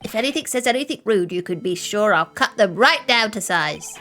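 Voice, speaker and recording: A woman voicing an old male judge who is kindly but pompous and booms his lines. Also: animated, fairly quick, sharp tone, soft background music. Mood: soothing. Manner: booming, grandfatherly. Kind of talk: live-stream game dub.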